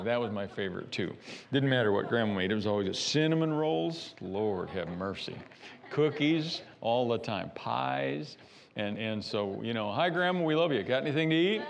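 A man preaching a sermon as pastor of a church, animated and repeating himself as he builds each point. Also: fairly low pitch, gravelly. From United States. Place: church sanctuary.

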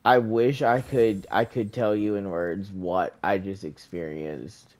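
A gamer giving excited commentary, swearing often and crying out in panic while laughing at their own mishaps. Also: low-pitched, slow pace. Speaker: gamer playing live. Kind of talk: game commentary.

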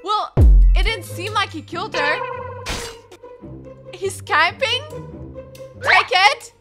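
Sassy high-voiced woman gaming commentator. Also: slow pace. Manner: sassy, teasing, reads chat aloud with attitude. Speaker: gaming YouTuber. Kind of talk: playful gameplay commentary. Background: background music.

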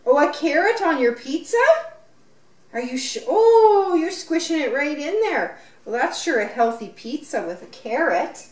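Sing-song high-voiced mom playing with her toddler. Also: animated, measured pace, darkish tone. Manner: sing-song, encouraging, asks many questions. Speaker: parent filming play with her toddler. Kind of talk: unboxing and play vlog. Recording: roomy, from mic distance.

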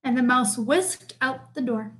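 Slow, expressive woman reading aloud. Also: high-pitched. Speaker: storybook reader. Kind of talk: reading a picture book aloud.

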